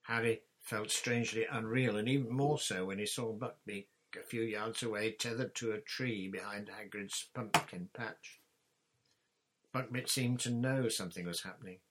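A man reading a storybook chapter aloud as narrator in a steady, even manner. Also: fairly low pitch, normal speed. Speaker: audiobook reader.

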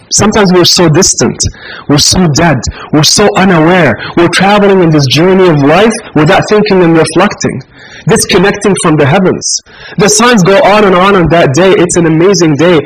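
A man's voice: sits high, slightly rough, low-quality recording. A man who is an imam, giving an impassioned Friday sermon and repeating phrases for emphasis.

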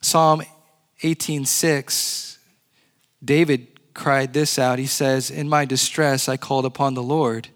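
A male pastor preaching a sermon in a church, earnest, slowing and dropping to a hush on key words. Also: mid-range voice, steady tone.

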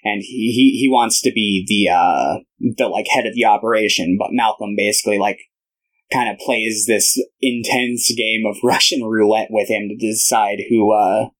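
A man's voice: on the low side, normal speed, rough recording. A young man co-hosting a podcast, casually retelling a film with lots of fillers. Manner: relaxed retelling with many fillers. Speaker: podcast co-host.

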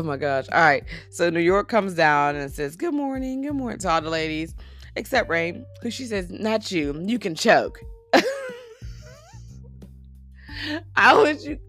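Woman, sassy casual recap, low voice, animated delivery. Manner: chatty, sassy, laughs often. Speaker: reality TV recap host.

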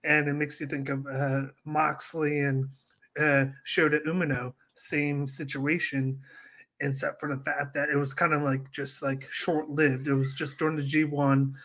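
A man co-hosting a casual wrestling podcast retells events with animated flair, acting out what others said. His voice is a little high and he speaks at normal speed.

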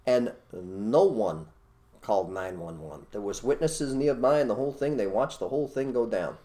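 A man co-hosting an opinionated casual chat, blunt and animated, repeating his phrases for emphasis. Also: medium pitch, moderate pace. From United States. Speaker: co-host.

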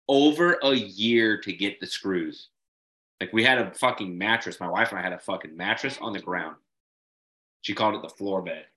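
A man's voice: on the low side, bright, forceful tone. A young man hosting a casual business chat, swearing freely and saying "bro" and "like" constantly. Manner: swears often, says "bro" and "like" a lot. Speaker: bounce house business owner, podcast host.

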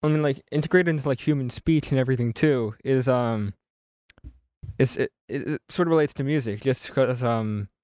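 A man's voice: medium pitch, moderate pace, a little mellow, no echo, clean studio sound. A teenage boy cohosting and editing a podcast, joking around with hesitant restarts. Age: teens. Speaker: podcast editor. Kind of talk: casual chat.

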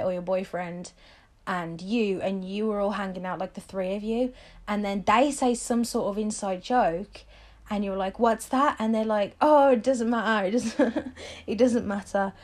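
A woman's voice: medium pitch, normal speed. A young woman hosting a solo advice podcast, talking in a chatty, emphatic way and firing off rhetorical questions. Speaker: podcast host.

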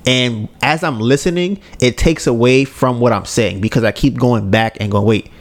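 This podcast co-host has a mid-range voice and normal speed, and he rambles easygoingly with little variation in tone. He self-corrects often and swears freely.

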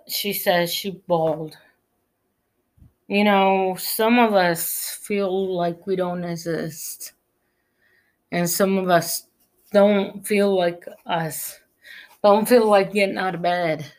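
A woman's voice: on the low side, fairly even intonation. A woman giving an earnest personal faith testimony, preaching encouragement. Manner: earnest, preachy, slow and deliberate.

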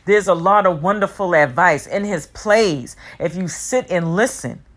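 A woman giving a heartfelt personal motivational talk, emphatic and repetitive, sometimes rushing her words. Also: fairly low pitch, animated. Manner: speeds up and slows down, talks fast at times.

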